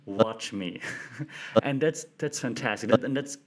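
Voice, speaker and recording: Male podcast host, casual solo commentary; animated, chatty delivery with frequent fillers. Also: mid-range voice, moderate pace. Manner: animated, lots of "like" fillers and restarts; acts out quotes in playful voices. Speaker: media professional.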